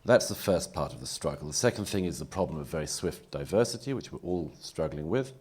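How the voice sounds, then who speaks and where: Very deep, husky-voiced man debating. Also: animated, fairly quick, darkish tone. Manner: articulate, wry, polemical. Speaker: panel speaker. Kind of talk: panel debate remarks.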